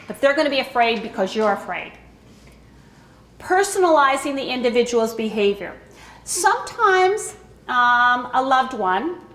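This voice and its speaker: High-voiced woman lecturing, echoey room. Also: a bit bright. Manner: conversational, checks in with frequent "okay?". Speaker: presenter at a caregiver education talk. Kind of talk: informal lecture to an audience. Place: room with an audience.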